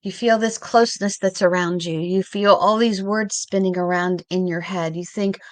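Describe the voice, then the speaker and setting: A woman hosting a reflective spiritual talk, speaking in short, measured phrases with pauses. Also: fairly low pitch, steady tone, no echo.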